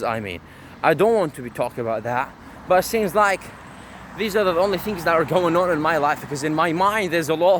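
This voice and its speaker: A young man with a brash, boastful manner, rambling, stumbling over restarts and swearing freely as he talks to camera outdoors. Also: fairly high pitch. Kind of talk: profane monologue to camera.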